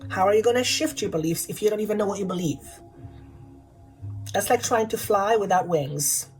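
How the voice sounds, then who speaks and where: A woman's voice: medium pitch, moderate pace, faint music behind, rough recording. A woman channeler and energy healer giving a spiritual guidance talk, repeating her key questions for emphasis.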